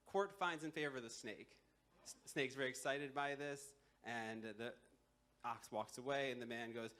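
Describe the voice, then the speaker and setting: A man's voice: mid-range voice, normal speed, fairly bright tone. A young man telling a folktale live at a campus show, casual, with many fillers and wry asides. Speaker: storyteller. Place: live university culture show.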